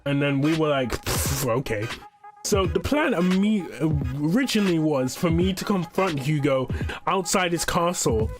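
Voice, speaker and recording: A young man narrates a storytime video in a loose, rambling way, cursing casually and stumbling over words. His voice sits a bit high. Music plays clearly under the voice-over. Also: expressive, normal speed. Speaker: YouTuber.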